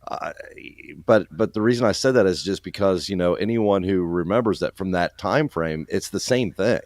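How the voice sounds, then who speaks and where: A man in his fifties talks in a relaxed group chat with a very deep voice. He speaks in a reflective, rambling way, and the sound is dry and close. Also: moderate pace, no echo. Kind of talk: casual chat.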